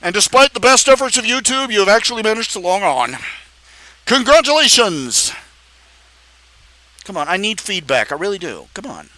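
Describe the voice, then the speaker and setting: Brief: male comic-artist streamer, chatty and joking, bright tone, dry close mic. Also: high voice, big pitch swings, normal speed, long pauses, no echo. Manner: rambling, joking, puts on a made-up accent. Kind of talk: casual live-stream chat.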